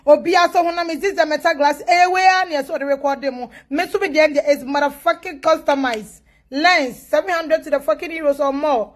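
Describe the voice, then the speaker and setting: A woman with a Ghanaian accent speaks in a high voice, blunt and preachy. She drifts between pidgin and Twi in a loose, casual monologue. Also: fairly quick.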